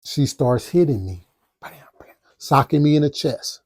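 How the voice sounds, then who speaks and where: Male podcast host, dark and mellow, animated storyteller who does his own sound effects. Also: a little high, moderate pace, no room sound, clean studio sound. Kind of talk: casual storytelling.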